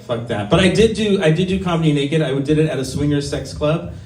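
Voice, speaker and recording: A man's voice: fairly high pitch, brisk, a little mellow. Crude, rambling man in his fifties. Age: 50s. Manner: self-deprecating, crude, rambling with many ums. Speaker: stand-up comic. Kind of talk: stand-up set at an open mic. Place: small comedy venue. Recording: roomy, mic heard from a distance.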